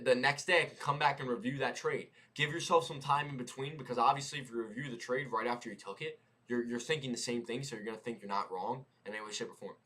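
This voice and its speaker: A young man talks through trades on a live stream in a casual, slangy voice. He repeats phrases and keeps asking "right?" as he explains. His pitch is average for a man. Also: sharp tone. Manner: loose, slangy, repeats phrases, says "right?" and "boom" a lot. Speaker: day-trading streamer. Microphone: headset mic.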